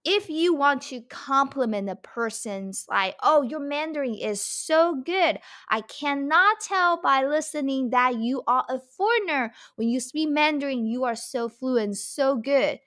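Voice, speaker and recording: A woman with a high, bright voice gives a language lesson. She speaks slowly and deliberately, repeating each example so learners can follow. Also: animated. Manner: slow, repeating phrases for learners; mixes English explanation with Mandarin examples. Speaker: Mandarin teacher.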